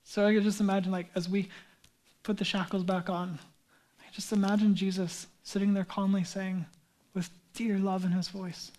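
A man preaching a sermon as a pastor, speaking fervently and emphatically, then closing in a soft, prayerful voice. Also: high voice, little pitch movement, moderate pace, faint music behind.

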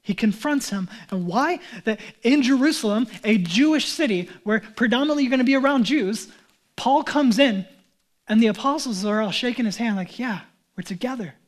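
A male pastor preaching a sermon in a conversational, animated way, with casual asides. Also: very high-pitched, normal speed.

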